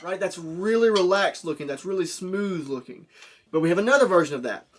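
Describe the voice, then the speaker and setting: A man's voice: sits high, expressive, a little fast, over music. A man teaching a drum lesson, explaining step by step and checking in with "okay?" and "right?". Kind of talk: classroom lesson. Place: room with a drum. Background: drum hits.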